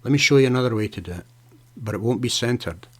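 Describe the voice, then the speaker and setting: A man hosting a live software tutorial, chatting casually as he clicks through steps, often saying "okay" and "right". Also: mid-range voice, animated, fast talker. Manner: casual, talks to viewers by name, fillers and okays. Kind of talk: live screen-share tutorial.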